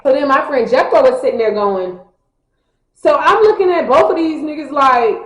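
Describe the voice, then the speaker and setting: A woman's voice: high-pitched, fairly quick. Young woman spilling tea on camera, bouncy slangy storytelling, roomy echo. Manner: animated, slangy, quoting friends in bursts. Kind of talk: casual storytime vlog. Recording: echoey room.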